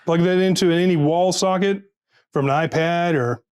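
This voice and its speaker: High-voiced playful man. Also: a little mellow, clean tone. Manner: playful, quick exclamations and folksy sayings. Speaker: co-presenter. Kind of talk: live product demo chat.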